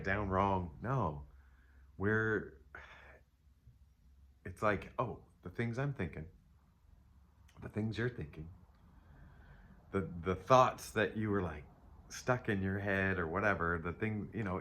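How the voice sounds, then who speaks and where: Rambling low-voiced man reading tarot. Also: a bit bright. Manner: rambling, self-interrupting, playful asides. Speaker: tarot reader. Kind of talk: casual spiritual tarot reading.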